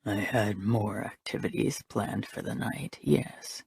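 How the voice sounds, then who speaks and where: Brooding male bodyguard as a woman reads him, gravelly low voice, clipped lines, faint background hiss. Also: slow, a little mellow, heavily acted. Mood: terse. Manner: lowered, clipped delivery. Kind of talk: audiobook narration.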